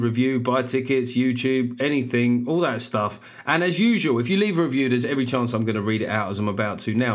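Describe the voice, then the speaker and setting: A man, hosting his podcast in a loud, animated, self-mocking comic monologue with plenty of swearing. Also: mid-range voice. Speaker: podcast host and stand-up comedian.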